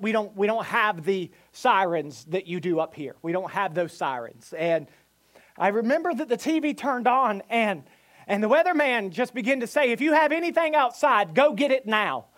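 A man preaches in a notably high voice. He tells a vivid personal story, pausing and restarting as he goes. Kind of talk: sermon storytelling.

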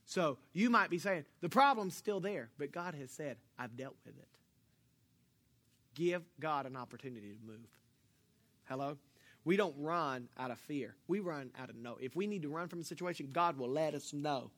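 Man pastor, slightly high voice, lively joking sermon delivery. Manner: animated, joking storyteller, swings from quiet to loud. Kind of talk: sermon with personal story.

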